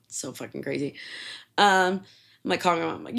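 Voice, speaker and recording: A young woman podcast host swearing freely as she rambles through stories and laughs at herself. Her low voice has a gravelly edge and swings widely in pitch, and her casual talk is full of fillers. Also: sing-song, fast, a bit bright. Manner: rambling, profane, self-mocking, with frequent fillers. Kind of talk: casual storytelling monologue.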